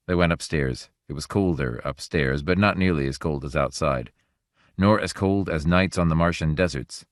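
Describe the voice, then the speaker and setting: A man reading a short story aloud in a measured, even audiobook narration. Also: a bass voice, no echo, clean studio sound. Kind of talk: scripted narration.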